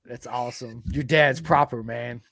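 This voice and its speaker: A man hosting a podcast in relaxed, drawn-out casual chat full of fillers. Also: mid-range voice, gravelly. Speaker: podcast host.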